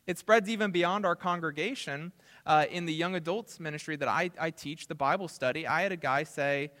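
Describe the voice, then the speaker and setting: A man preaching a sermon as pastor, earnest, building to emphatic peaks and dropping to soft asides. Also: on the high side, fairly quick, in a large hall. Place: church sanctuary.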